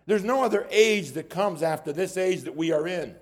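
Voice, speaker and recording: A man with a high voice preaches a sermon. He speaks earnestly and often repeats words as he builds toward a point. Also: animated, normal speed, breathy edge.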